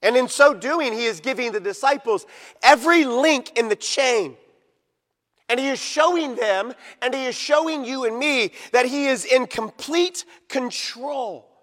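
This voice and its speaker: A man preaching a sermon as pastor, emphatic, swinging from loud to hushed and drawing words out for stress, in a church sanctuary. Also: very high voice, lively intonation, a little slow. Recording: long reverb of a large hall.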